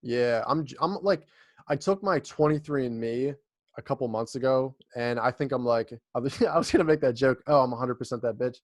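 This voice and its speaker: A young man hosts a podcast in a loose, laughing, swear-filled chat. His voice sits at an ordinary middle pitch, recorded close and dry with no room sound. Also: moderate pace, no room sound. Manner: laid-back, profane, laughs often. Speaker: podcast host. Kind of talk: casual chat.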